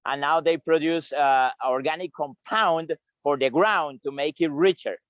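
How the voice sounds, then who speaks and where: A man giving a tour guide's outdoor talk on a farm, halting and repeating words as he explains. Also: a little high, a bit bright, no room sound. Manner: halting, repeats words, chuckles while eating. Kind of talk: live virtual tour explanation. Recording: dry, slightly dull lo-fi sound.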